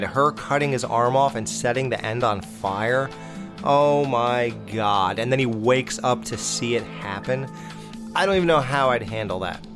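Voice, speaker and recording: A man talks through a movie in a casual, rambling way, blunt and full of opinions. His voice sits at an ordinary middle pitch. Faint music plays quietly behind him. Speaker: podcast host.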